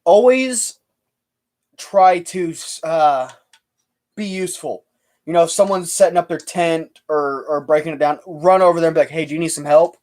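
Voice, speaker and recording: A man's voice: fairly high pitch, moderate pace, a little mellow. A young man hosting a casual livestream chat, rambling and laughing easily. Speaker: livestream host.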